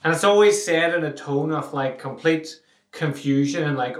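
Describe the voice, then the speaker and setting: A blunt man talking on his own podcast, cursing freely and mimicking whiny questions. His voice sits a bit high and sounds a little away from the mic in an echoey room. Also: moderate pace, far from the mic. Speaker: podcast host. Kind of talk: solo podcast monologue.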